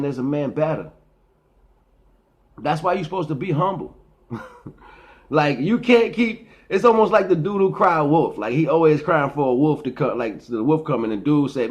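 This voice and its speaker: A middle-aged man speaking in a rambling, preachy casual monologue, often repeating and restarting his words. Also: fairly high pitch. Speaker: vlogger.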